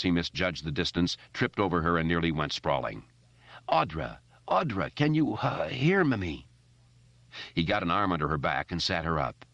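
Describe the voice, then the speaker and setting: A man narrates an audiobook in a steady, measured way. His voice is very deep, and the recording is dry and a little dull, with no room sound. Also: no room sound. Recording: dry, slightly muffled recording.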